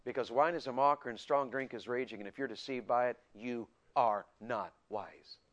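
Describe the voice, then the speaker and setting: A middle-aged man preaching a sermon to men, swinging between loud and soft and acting out voices. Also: mid-range voice, moderate pace, muffled recording.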